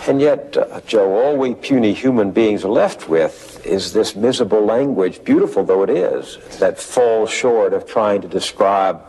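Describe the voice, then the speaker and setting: Male interviewer, husky and lowish, thoughtful and probing. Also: lively intonation, unhurried, few pauses, warm tone, poor audio. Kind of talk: interview conversation.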